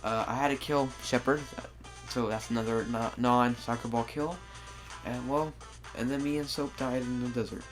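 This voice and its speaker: A man's voice: mid-range voice, fairly even intonation, normal speed, music in the background. A man giving casual, rambling commentary over his gameplay, often restarting his sentences. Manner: rambling, with frequent restarts and filler words. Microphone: new desktop microphone.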